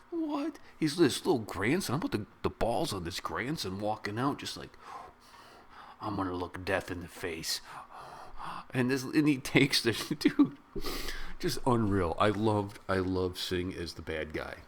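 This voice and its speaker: A middle-aged man reviewing a movie in a casual, rambling, excitable way, full of slang. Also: lowish voice, a little hiss or hum. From of British descent. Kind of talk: casual spoken film review.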